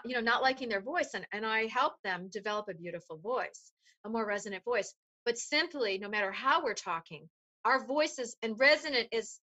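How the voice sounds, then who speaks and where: A woman voice coach explaining voice resonance in an animated, demonstrative way during an interview. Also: a little high. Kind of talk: interview conversation.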